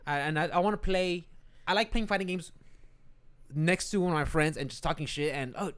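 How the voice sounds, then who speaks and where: Rambling man on a podcast, smooth voice. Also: fairly high pitch, brisk, a bit bright. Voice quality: rambling, stumbling restarts, casual swearing. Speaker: podcast co-host. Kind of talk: casual chat.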